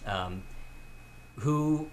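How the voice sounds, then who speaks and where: A man's voice: mid-range voice, expressive, extremely slow, slight background noise. A man co-hosting a film review podcast, musing thoughtfully on the questions a movie raises. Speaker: podcast co-host, film critic. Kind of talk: casual film review chat.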